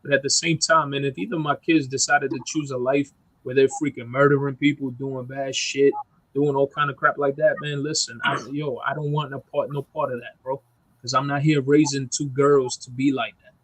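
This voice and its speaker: A man's voice: mid-range voice, level tone, moderate pace, a little hiss or hum, poor audio. A man talking on a casual podcast, ranting emphatically with lots of profanity. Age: adult parent. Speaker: podcast co-host. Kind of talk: heated casual chat.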